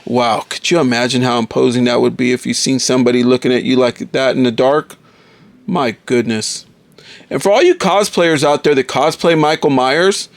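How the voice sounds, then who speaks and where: A man's voice: mid-range voice, no room sound. A man casually reviewing a toy figure, enthusiastic and often calling viewers folks.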